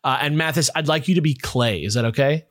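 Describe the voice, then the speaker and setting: A man hosting a podcast, telling a story in an animated, casual way with lots of "like". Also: on the high side, fast, no room sound, studio quality. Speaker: podcast host.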